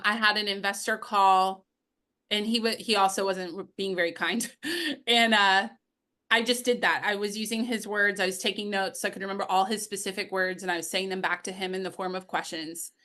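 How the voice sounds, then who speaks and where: Bright-voiced woman sales coach telling stories. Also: medium pitch. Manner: storytelling, upbeat, laughs while telling anecdotes. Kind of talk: interview answers.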